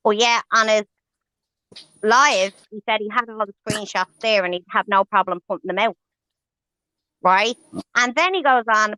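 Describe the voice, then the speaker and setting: A woman's voice: fairly high pitch, moderate pace, sharp tone. Angry swearing woman ranting on a stream. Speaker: livestream host. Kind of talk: heated livestream rant. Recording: dull lo-fi stream audio.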